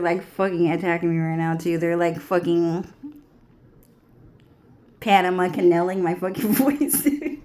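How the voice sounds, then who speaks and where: Woman, low voice, very slow drawl, rambling profane rant, repetitive. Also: steady tone, dark tone. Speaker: vlogger. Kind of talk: rambling monologue.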